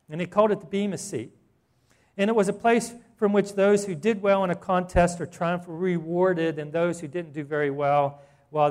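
A middle-aged man preaching a sermon in a slightly higher voice. He talks to the congregation conversationally, then presses his points with fervent emphasis. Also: a little mellow. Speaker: pastor.

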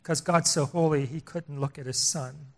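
Older male preacher, higher voice, emphatic sermon delivery with sudden hushed drops. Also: steady tone, normal speed. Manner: emphatic, repetitive, swings between loud and hushed.

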